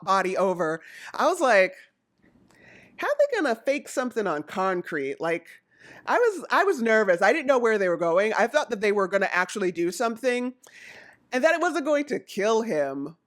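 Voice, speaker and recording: A woman from Jamaica chatting casually about wrestling, rambling and excitable as she jumps from topic to topic. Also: mid-range voice. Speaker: wrestling recap vlogger. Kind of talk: casual chat.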